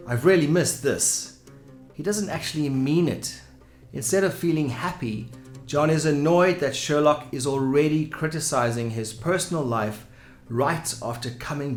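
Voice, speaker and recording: A man teaching English vocabulary in a clear, explanatory way, giving example sentences. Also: fairly high pitch. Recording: echoey room with soft music.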